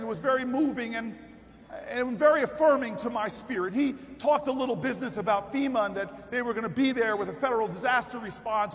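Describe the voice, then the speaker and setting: A man giving a political convention speech, telling a dramatic story in a rally style. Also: very high voice. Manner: vivid storytelling that builds to shouted rallying cries. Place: large convention hall. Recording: long hall reverb, faint crowd ambience.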